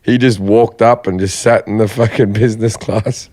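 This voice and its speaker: A man's voice: on the low side, steady tone, normal speed, a little mellow. A man chatting on a comedy podcast who teases the others and tells wry stories. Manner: wry, teasing interjections. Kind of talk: casual comedic chat.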